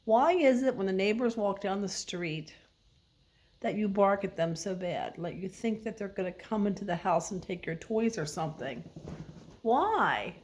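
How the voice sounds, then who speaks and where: A woman's voice: mid-range voice, expressive, normal speed, a little mellow. A woman vlogger talking to her dog in a playful, mock-scolding way, asking him questions.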